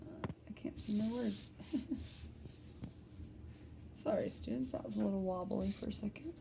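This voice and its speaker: A woman teacher recording a spelling lesson for her students, patiently explaining and slowly sounding out words. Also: mid-range voice, creaky, background noise.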